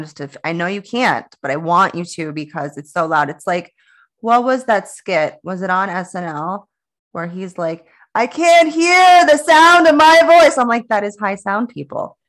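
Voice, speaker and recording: Chatty woman, low voice, podcast co-host. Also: fairly bright tone. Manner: chatty and rambling, frequent restarts and laughs. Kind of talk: casual spiritual podcast chat.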